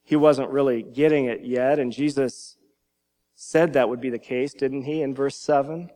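Man, pastor, sermon, earnest teaching delivery, middle-pitched voice, occasional repeated words. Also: steady tone, normal speed, dark tone.

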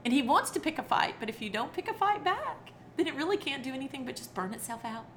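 A woman's voice: high voice, fast talker, slight background noise. A middle-aged woman, a children's entertainer and author, telling stories expressively in conversation and acting out quotes. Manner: expressive, acts out quotes, laughs often. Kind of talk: animated storytelling in conversation.

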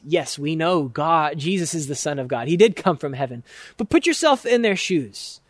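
A high-pitched male pastor delivers a sermon, earnest and emphatic. He stretches out key words and builds his points through repetition. The sound is dry and close, with no room echo.

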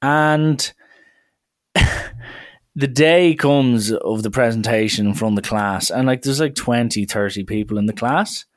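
A young man, casually telling a story from his college days in a lively, chatty way full of filler words. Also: mid-range voice, unhurried.

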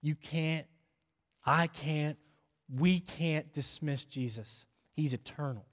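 A man preaching a sermon in a fairly high voice, in no hurry, lingering on his words. He drops to hushed near-whispers, then builds to loud, ringing peaks. His voice carries with a long reverb, as in a large church hall. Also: slow. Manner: preaching with big swings from hushed to near-shouting. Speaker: pastor.

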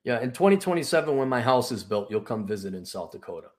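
A man's voice: medium pitch, big pitch swings, fast, a crowd in the background. A man hosting a casual late-night talk show over a video call, ranting in a crude, sarcastic way. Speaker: show host.

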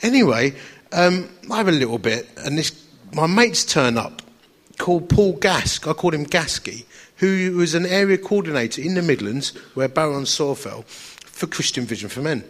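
A man, an evangelist telling a funny story to an audience in a lively, self-mocking way and acting out the dialogue. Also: fairly high pitch, normal speed, long reverb tail.

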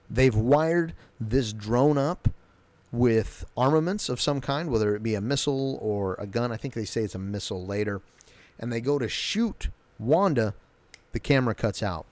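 A man casually recapping a TV episode, rambling and excitable, with many fillers and restarts. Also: mid-range voice, dry recording.

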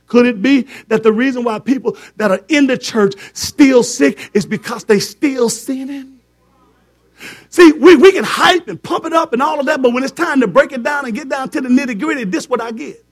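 High-voiced man preaching a fervent sermon. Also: normal speed. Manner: fervent, repeats words, jokes with the congregation.

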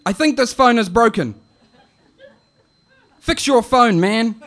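A man voicing a loud, bossy, teasing elderly Māori auntie who hollers and scolds down the phone in a comic poetry performance. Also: expressive, slow pace, vocal fry, heavily acted. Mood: hollering. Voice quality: shrill and loud, calling out. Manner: scolding, hollering, laughing at herself.

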